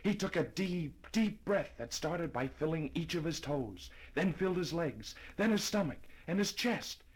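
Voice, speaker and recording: Lively husky-voiced male storyteller. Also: on the high side, unhurried, poor audio. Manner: lively, expressive reading. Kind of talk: storybook narration.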